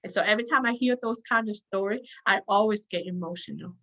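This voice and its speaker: A woman leads a self-help workshop in a bright, pushed, mid-range voice at a quick pace, and the recording quality is low. She is earnest, repeats her points, and keeps checking in with her listeners by asking "okay?"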